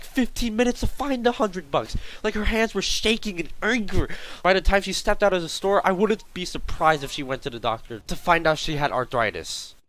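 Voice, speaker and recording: A man's voice: a little high, a bit bright, poor audio. A young man telling a workplace story in a casual, rambling vlog style, full of fillers and exaggeration.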